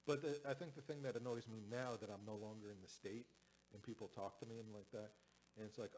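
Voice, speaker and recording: A man's voice: on the low side, fairly even intonation, quick pace, a little mellow, a little hiss or hum, rough recording. A man from northern New Jersey chatting casually on a group live stream, rambling and restarting his sentences. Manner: rambling, self-correcting, with many restarts. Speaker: podcast host.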